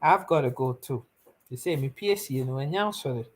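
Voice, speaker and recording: A woman's voice: extremely low pitch, lively intonation, moderate pace, slight background noise. A young Ghanaian woman hosting a live stream, giving earnest advice to her viewers and mixing Twi with English. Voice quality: pleading, earnest, switches between Twi and English. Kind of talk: casual advice talk to viewers.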